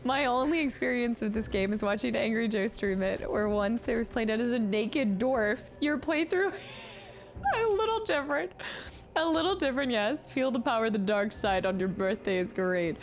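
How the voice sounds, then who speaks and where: A woman's voice: on the high side, normal speed, hardly any pauses, a little hiss or hum. A woman in her late twenties chatting casually on a gaming livestream, talking with her chat and laughing often. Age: late 20s. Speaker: streamer.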